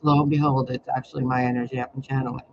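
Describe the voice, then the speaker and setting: Talking very fast in a mid-range voice, this male tarot reader rambles through a casual monologue full of blunt, expressive profanity. The audio is dull and has background noise.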